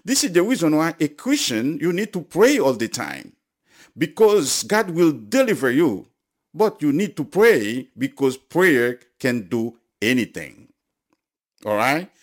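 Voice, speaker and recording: Male preacher with a fairly high voice, slow and repetitive, rising into forceful appeals. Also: sing-song. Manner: repetitive, building to loud emphatic appeals. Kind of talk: sermon.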